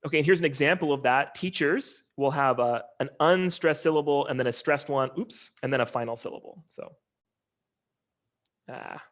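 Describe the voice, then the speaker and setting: A man gives a casual linguistics lecture on a video call, his delivery loose and conversational with plenty of ums and uhs. He speaks at normal speed with a medium pitch.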